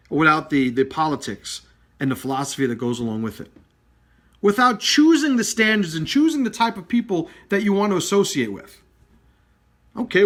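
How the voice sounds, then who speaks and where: A man's voice: sits high, fairly bright tone. A man who runs a martial arts school, ranting bluntly and swearing freely in a live video. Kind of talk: blunt, profane direct-to-camera rant.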